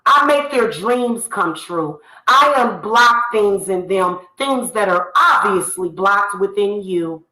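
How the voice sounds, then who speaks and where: A woman rants straight into the camera, scolding the people she calls out by name. Her voice is bright and a bit sharp, and it rings in a reverberant room. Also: medium pitch, lively intonation, slow pace, few pauses. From United States. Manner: heated, scolding, addresses people directly. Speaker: spiritual reader and channel host. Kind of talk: ranting monologue to camera. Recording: echoey room.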